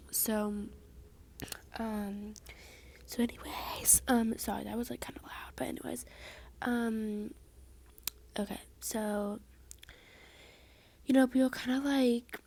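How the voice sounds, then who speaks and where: A teenage girl telling a storytime about school drama, chatty and exasperated, with a mid-range voice. She often sinks into an unvoiced whisper, then comes back up louder. The sound is dry and close to the mic. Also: medium pitch, steady tone, measured pace, gravelly, dry recording. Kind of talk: casual storytime.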